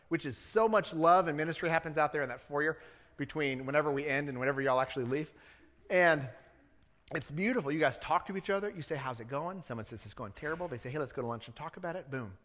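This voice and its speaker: A man's voice: on the high side, fairly bright tone. Conversational male pastor in a reverberant church. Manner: conversational preaching, rising to fervent appeals. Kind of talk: sermon. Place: church sanctuary.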